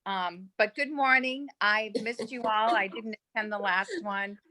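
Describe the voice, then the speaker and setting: A woman's voice: medium pitch, unhurried, bright, forceful tone. A woman from Boston who works at a hospital, speaking in a friendly, upbeat way on a video call from her phone. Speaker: hospital staff. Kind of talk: casual chat on a video call.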